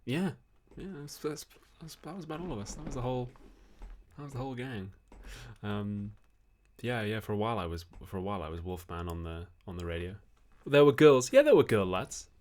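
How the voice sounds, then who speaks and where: A man's voice: lowish voice, lively intonation, brisk, a little mellow. A young man hosting a livestream, reading viewer questions and chatting in a rambling way, laughing often. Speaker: host.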